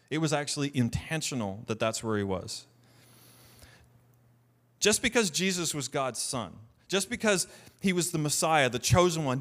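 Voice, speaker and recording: Male pastor, slightly higher voice, conversational sermon, reads scripture with emphasis, frequent restarts. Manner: repeats words and restarts often.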